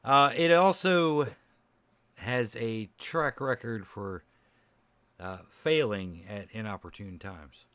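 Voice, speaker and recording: A man runs a tabletop game with a bright, forceful voice, loose and chatty and quick to laugh. The sound is dry and close. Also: mid-range voice, clean tone, no room sound. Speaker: game master.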